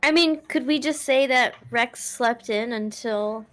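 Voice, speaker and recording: Easygoing young woman, slightly high voice. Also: measured pace, fairly bright tone. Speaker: tabletop game player. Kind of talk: casual chat before a game session.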